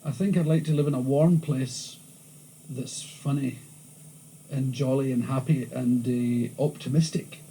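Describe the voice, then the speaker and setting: A man with a thick Glasgow accent, talking through an interview in lively stories full of restarts. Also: medium pitch, measured pace, rough recording. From Scotland. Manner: animated storytelling, frequent restarts. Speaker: interviewee, comedian. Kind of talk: candid interview chat. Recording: old VHS tape with faint hiss.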